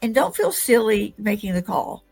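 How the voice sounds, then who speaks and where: A woman's voice: medium pitch, sing-song, moderate pace, gravelly, darkish tone, husky, soft background music. A woman hosting an interview podcast who often murmurs agreement and speaks with enthusiasm. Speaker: podcast host.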